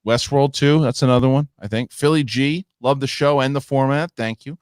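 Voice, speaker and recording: A man hosting a live stream in a casual voice, reading out viewer comments and thanking donors. His voice sits at a middling pitch. It sounds dry and close to the mic. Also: moderate pace, darkish tone, no echo. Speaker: host.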